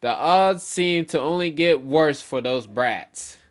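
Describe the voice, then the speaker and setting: A cold, arrogant knight villain, read out by a man makes slow, commanding threats. The voice sits fairly high, and the delivery is unhurried. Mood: menacing.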